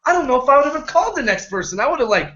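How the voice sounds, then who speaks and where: A man's voice: very high-pitched, sing-song, fast talker, sharp tone, dull audio. A man coaching home business owners in a rambling, earnest motivational talk, often checking in with his listeners.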